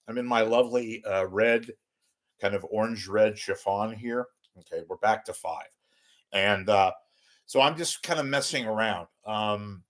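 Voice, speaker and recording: Rambling, jokey man hosting a livestream. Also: fairly low pitch. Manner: rambling and jokey, lots of fillers. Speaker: host. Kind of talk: casual ad-libbed livestream chat.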